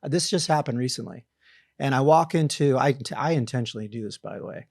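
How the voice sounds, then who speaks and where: A man's voice: mid-range voice, a little fast, darkish tone, dry recording, studio quality. Candid middle-aged man telling stories. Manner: storytelling, acts out quoted thoughts in other voices; self-deprecating, frequent restarts and laughs. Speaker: podcast guest, company founder. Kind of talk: casual conversation.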